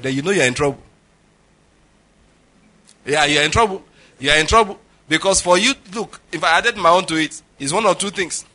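A man's voice: a little high, pushed and bright. A Nigerian man preaching a sermon as pastor, telling humorous stories and acting out conversations. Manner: humorous storytelling, acts out dialogue, laughs often.

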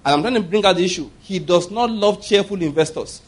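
A man's voice: high voice, a little fast, slightly rough. A middle-aged man preaching a sermon, telling stories with emphatic repetition. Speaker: pastor.

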